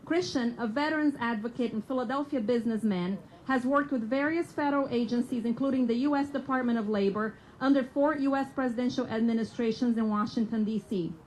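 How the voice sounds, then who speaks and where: A woman's voice: a little high, fairly quick, hardly any pauses, darkish tone, poor audio. A woman introducing a speaker at a rally, reading steadily with small slips and self-corrections. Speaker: event introducer. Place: outdoor rally.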